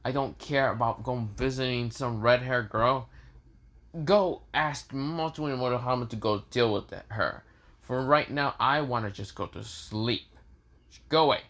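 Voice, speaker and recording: A man's voice: mid-range voice, a little slow, a bit bright. A man voicing a surly, foul-mouthed teenage boy. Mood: annoyed. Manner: annoyed, swearing, threatening.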